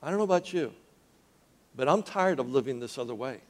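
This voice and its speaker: A man preaching a sermon who calls out questions to the congregation and drops into quiet, earnest intensity as he tells a story. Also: medium pitch, expressive, fairly quick. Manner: call-and-response with the congregation, dropping to quiet intensity.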